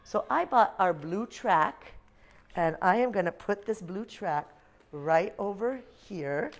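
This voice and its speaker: A woman's voice: medium pitch, lively intonation, takes it slowly. A woman teacher leading a classroom phonics lesson for young children, sounding out letter blends and reading them a story.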